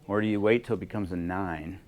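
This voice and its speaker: A man leading a leadership workshop as coach, animated and acting out both sides of the conversations he describes. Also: low voice, brisk. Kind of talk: interactive workshop teaching.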